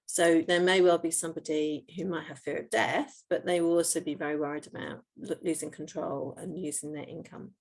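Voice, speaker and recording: In a podcast interview, a middle-aged homeopath describes her work in a low, gravelly, steady voice. She explains things patiently, pausing on fillers like "um" and "you know" and restarting phrases along the way.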